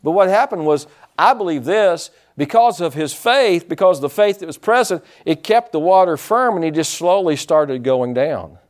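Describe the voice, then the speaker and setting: A male pastor preaching a sermon, animated, acting out quotes and calling for responses from the congregation. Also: fairly high pitch, normal speed, few pauses.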